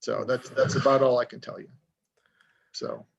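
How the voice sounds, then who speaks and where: Casting note: gravelly man, chatty author guest, dull lo-fi audio. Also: medium pitch, fairly even intonation, normal speed. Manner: rambling, storytelling, self-deprecating. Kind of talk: casual podcast conversation.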